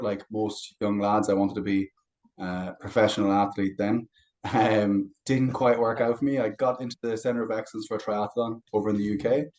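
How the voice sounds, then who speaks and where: A young adult man, a fitness coach guest on a podcast, talking casually and telling stories in a relaxed way. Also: on the low side, poor audio. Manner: relaxed storytelling with anecdotes. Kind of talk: casual interview chat.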